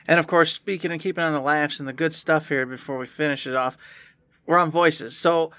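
Male co-host, upbeat game talk, bright tense tone, a bit high, dry. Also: steady tone, brisk, dry recording. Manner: enthusiastic, easygoing. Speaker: podcast co-host. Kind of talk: casual gaming chat.

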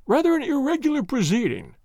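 A man's voice: high-pitched, big pitch swings, fairly quick, dry recording, studio quality. A man voicing a bluff, hearty police inspector with a blustering manner. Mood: grudging.

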